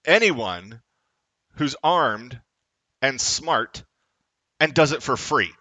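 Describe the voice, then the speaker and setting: A man rants at the camera in a confrontational, profane vlog, his voice tense and forceful, and he often climbs into shouting. The sound is close and completely dry, with no room echo at all. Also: medium pitch, lively intonation, very slow. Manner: angry, profane, rising to shouts. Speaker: vlogger. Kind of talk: confrontational political rant.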